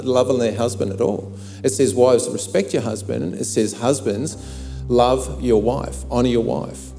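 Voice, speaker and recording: Pastor with a mellow voice. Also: male voice, mid-range voice. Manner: chatty storytelling with many fillers. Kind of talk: sermon. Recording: long hall reverb, faint music.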